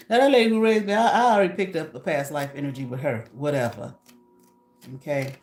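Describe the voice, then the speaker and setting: A woman content creator chatting to her live viewers about her days as a substitute teacher. Her voice sits a little low, and she tells stories with animated, profane asides and frequent laughter. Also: fast talker. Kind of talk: casual storytelling to a live audience.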